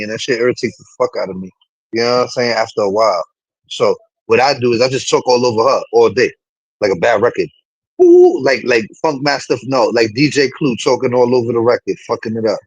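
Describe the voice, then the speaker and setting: A man, chatting casually to a live stream audience in an animated, rambling way, swearing often. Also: mid-range voice, breathy edge, no room sound, low-quality recording.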